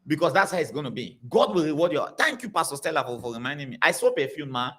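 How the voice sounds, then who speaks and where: A man preaching to a congregation, telling stories in an animated, repetitive way. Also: a little high, fast. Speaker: pastor.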